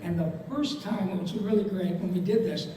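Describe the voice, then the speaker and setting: Animated guy on a con panel, high voice, really emphatic, super echoey hall from far away. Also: fairly quick, a crowd in the background. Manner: animated, emphatic, swings pitch and loudness. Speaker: voice actor and podcast host on a convention panel. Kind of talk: emphatic panel talk to a live audience. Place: large convention hall.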